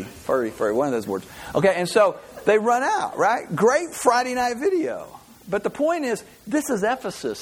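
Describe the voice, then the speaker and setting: A male pastor preaching a sermon, telling Bible stories in an animated way and often stringing thoughts together with "and". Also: a little high, husky. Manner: animated, storytelling, with many repeated "and"s.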